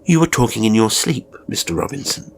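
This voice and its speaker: A man voicing a calm, polite male live-in carer who speaks quietly, evenly and very literally. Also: mid-range voice, a little fast, gravelly, a little hiss or hum. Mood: placid. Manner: quiet, even and formally literal. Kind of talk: audio horror story reading.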